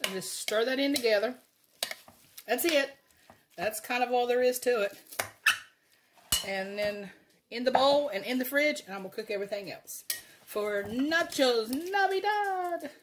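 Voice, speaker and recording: A woman's voice: a little high, normal speed, pauses often, noisy background. Chatty Southern woman cooking at home. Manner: chatty, folksy, laughs often. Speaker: cooking channel host. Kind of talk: casual cooking demonstration. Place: home kitchen.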